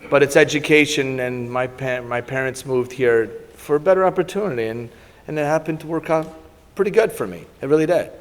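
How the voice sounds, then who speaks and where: A man's voice: medium pitch, fairly quick. Italian-born man telling stories in a hall. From Italy. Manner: animated anecdotes with laughter. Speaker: guest speaker. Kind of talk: storytelling talk to an audience. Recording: long reverb in a hall.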